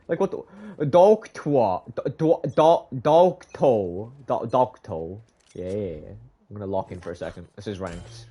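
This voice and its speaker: A male streamer chatting casually during a live competitive shooter game, swearing freely, laughing and breaking into sudden shouts. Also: on the low side, expressive, a little slow, husky.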